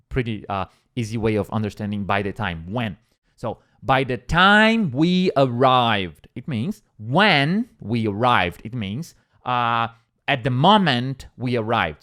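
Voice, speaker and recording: Male English teacher, patient and repetitive, animated intonation. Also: mid-range voice. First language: Portuguese. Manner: patient, repeats examples slowly, checks with "okay?". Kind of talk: explaining vocabulary lesson.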